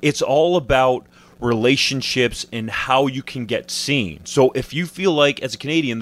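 A man co-hosting a casual sports talk show, easygoing but emphatic in his views. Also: mid-range voice. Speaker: sports podcast co-host.

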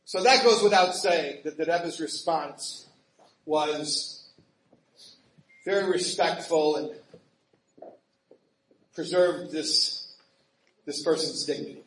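A man telling a story in an animated, laughing way, acting out quoted voices with big jumps in pitch. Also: slow, long pauses. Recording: roomy echo with faint ambient noise.

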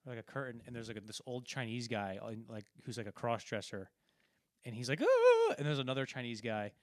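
A man's voice: mid-range voice, fairly even intonation, fast talker, dry recording, clean studio sound. A man casually talking through a film, rambling and acting out quoted lines as he retells scenes. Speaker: podcast co-host.

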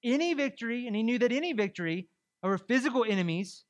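A male pastor preaching a sermon in a conversational, animated way, full of rhetorical questions to the congregation. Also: extremely high pitch, fast.

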